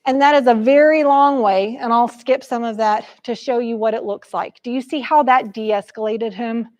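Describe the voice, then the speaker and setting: A woman's voice: a little high, normal speed, highs cut off. Middle-aged woman therapist telling a story. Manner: animated retelling of a session with a child, addresses the audience directly. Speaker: therapist giving a presentation. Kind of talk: storytelling presentation to an audience.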